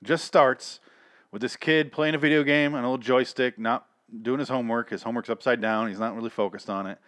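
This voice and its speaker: A man's voice: medium pitch, fairly even intonation, a little fast, fairly bright tone, no room sound. A man giving casual, rambling, sarcastic review commentary on cartoon episodes, swearing freely.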